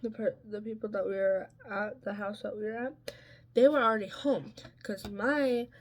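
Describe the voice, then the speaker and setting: A woman's voice: medium pitch, steady tone, moderate pace, a little hiss or hum. A woman vlogger telling a story in a casual chat while getting ready, full of "like" and "um" and sounding exasperated. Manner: chatty, peppered with "like" and "um".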